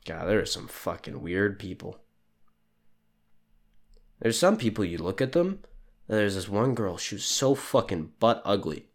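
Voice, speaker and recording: Young male podcast host, low-pitched, sleep deprived, crude sardonic ranting. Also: big pitch swings, unhurried, pauses often. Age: young adult. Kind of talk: profane solo rant.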